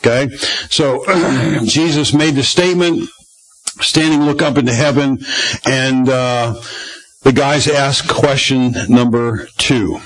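A man's voice: medium pitch, slow, fairly bright tone, low-quality recording. A pastor preaching a conversational Bible-study sermon in a folksy way, often asking his congregation questions.

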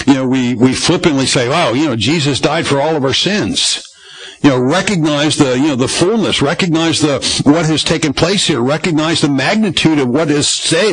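A man's voice: fairly high pitch, husky, rough recording. A man preaching a sermon from the Bible, conversational, with many fillers and repeated phrases. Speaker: pastor.

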